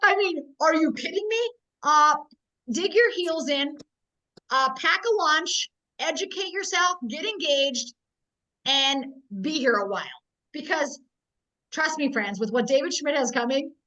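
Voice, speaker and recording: High-voiced blunt woman coaching sales. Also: unhurried, sharp tone. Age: 40s. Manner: blunt, emphatic tough-love talk. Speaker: network marketing trainer. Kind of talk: motivational business training. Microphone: video call. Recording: dull, muffled video-call audio.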